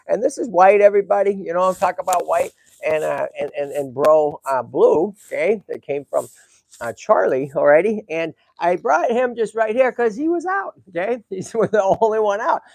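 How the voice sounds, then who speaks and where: Gravelly-voiced man hosting a live stream. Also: high-pitched, a little mellow, dry recording. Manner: emotional, talks to viewers and animals, many restarts. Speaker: livestream host. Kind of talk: casual live stream chat.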